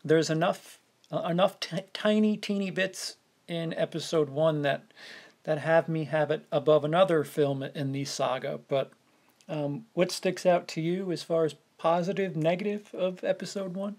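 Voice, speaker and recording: A man's voice: on the high side, steady tone, darkish tone. A man co-hosting a podcast, chatting casually about a film and often repeating words as he searches for what to say. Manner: halting, repeats words while searching for phrasing. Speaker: podcast co-host.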